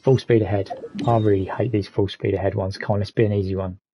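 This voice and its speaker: A man's voice: lowish voice, steady tone, fast talker, muffled recording, slight background noise. A man live streaming a game, talking candidly and reflectively while reading chat messages aloud. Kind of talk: casual gaming stream commentary.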